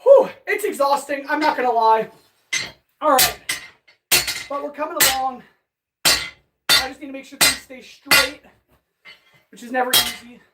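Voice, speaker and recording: Breathless, upbeat woman blacksmith chatting to her stream, high voice, mic set back from her, loud workshop noise under it. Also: a little slow, pauses often, far from the mic. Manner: upbeat and chatty, greets viewers in chat. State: out of breath from hammering. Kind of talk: casual live-stream narration while forging.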